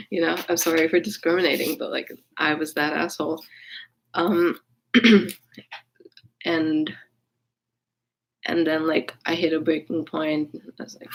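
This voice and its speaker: A woman vlogger recounts a personal story slowly, pausing often, in a low, fairly even voice with a breathy edge. She rambles, restarts, leans on fillers, and swears openly, all on a rough recording.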